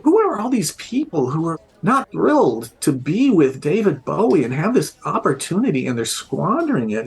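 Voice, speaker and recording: A man, a guest on a podcast, telling a relaxed anecdote and acting out the voices of the people in it. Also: a little high, slightly rough. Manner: relaxed storyteller, acts out quoted voices. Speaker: interviewed guest telling a story. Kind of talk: casual anecdote.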